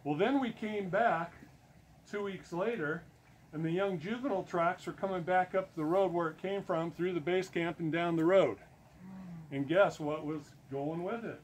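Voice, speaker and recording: A man with a slightly high voice talks to an audience in an earnest, emphatic way. He leans on key words and repeats them for stress. There is faint noise behind him. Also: normal speed. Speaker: presenter. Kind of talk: talk to an audience.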